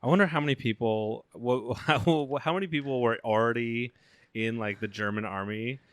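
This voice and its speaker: A laid-back man chats and jokes on a casual podcast, with a middle-pitched voice and frequent laughter. The recording is close and dry. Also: moderate pace, no room sound. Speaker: podcast co-host. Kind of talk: casual chat.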